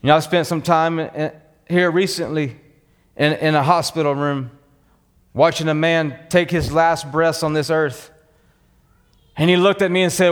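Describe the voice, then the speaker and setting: A man's voice: on the high side, fairly even intonation, normal speed, long pauses, long reverb tail. A man with a Texan accent preaching a sermon as pastor, talking with passion and fight in a church.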